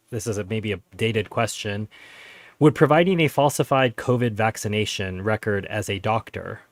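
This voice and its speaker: A man's voice: on the low side, no room sound. A man hosting a live stream, reading donors' questions aloud and addressing his guest deferentially. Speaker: host reading viewer questions.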